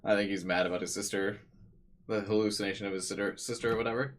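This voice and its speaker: A man giving casual, jokey gameplay commentary, animated and laughing. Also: lowish voice, quick pace. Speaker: let's play gamer.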